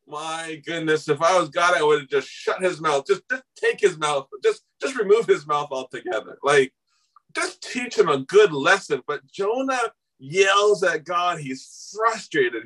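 A man preaching with a high, bright, ringing voice, picked up from a little way off the mic. He tells the story with animation, acting out the voices he quotes, and climbs into shouts at the peaks. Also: expressive, takes it slowly, recorded from a distance, poor audio. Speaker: pastor. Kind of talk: sermon.

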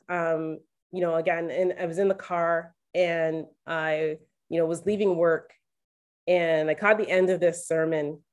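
A woman speaking to listeners about her faith, telling a candid personal story in an animated, confiding way. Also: on the low side. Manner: animated, confiding, acts out quoted voices; addresses listeners directly as "guys".

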